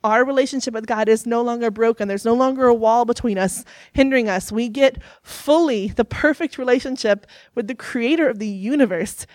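Young woman preacher, earnest storyteller, slightly high voice, dry close recording. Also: brisk, hardly any pauses, dry recording. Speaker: youth speaker. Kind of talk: sermon.

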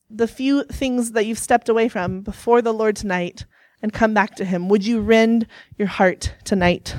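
Young woman preacher, earnest storyteller, slightly high voice, dry close recording. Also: no echo. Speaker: youth speaker. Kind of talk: sermon.

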